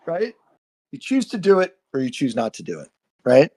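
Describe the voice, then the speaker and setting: A man's voice: fairly high pitch, huge pitch swings, normal speed, warm tone. A man hosting a live stream, giving an earnest spiritual monologue full of swearing and frequent "right?" checks. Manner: earnest, profane, repeats "right?".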